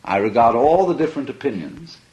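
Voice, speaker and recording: Guy giving a talk, storytelling, pitch all over the place, laughs a lot. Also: brisk, highs cut off. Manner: musing, often laughing, lively storytelling. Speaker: speaker. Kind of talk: reflective lecture talk.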